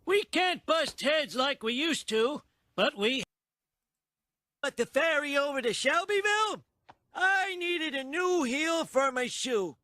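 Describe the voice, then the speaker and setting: A man's voice: very high voice, expressive, takes it slowly, sharp tone, no echo, studio quality, exaggerated voice. An actor voicing a rambling, confused old man in a cartoon, telling a meandering story.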